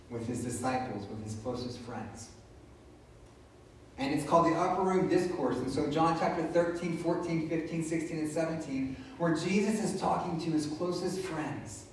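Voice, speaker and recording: A man's voice: on the high side, a little mellow, a little hiss or hum. Male pastor, casual preaching manner, recorded from afar in a strongly reverberant room. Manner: conversational, retelling scripture in his own words. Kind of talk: sermon. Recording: very echoey room, voice from a distance.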